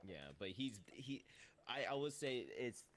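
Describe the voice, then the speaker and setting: A man's voice: medium pitch, very animated, unhurried, a little hiss or hum. A man from Wisconsin with a Wisconsin accent, chatting casually on a podcast and often trailing off with hesitant, rambling starts. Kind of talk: casual chat.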